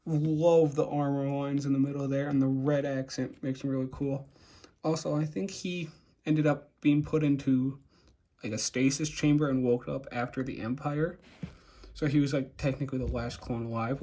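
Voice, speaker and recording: A man's voice: medium pitch, fairly even intonation, moderate pace, warm tone, a little hiss or hum. A young man casually showing and rating his custom toy figures, rambling with frequent fillers and restarts. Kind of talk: casual show-and-tell.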